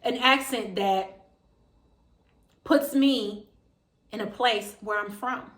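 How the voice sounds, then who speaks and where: A woman from Maryland with a Washington D.C. area accent, talking casually and emphatically to camera with slangy, lively delivery. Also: mid-range voice, slow pace, echoey room. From Maryland, USA. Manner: animated, emphatic, slangy, quotes other voices. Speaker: vegan vlogger. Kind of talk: casual direct-to-camera talk.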